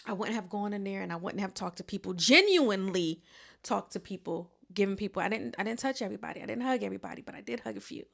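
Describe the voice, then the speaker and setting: Young woman podcast host, casual profane storyteller, emphatic and lively. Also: mid-range voice, fast talker, creaky.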